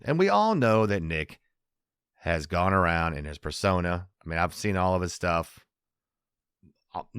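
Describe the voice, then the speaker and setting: A man's voice: sits low, a bit bright, no echo, clean studio sound. A man hosting a casual comedy podcast monologue, rambling, restarting sentences and laughing at his own jokes. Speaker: podcast host.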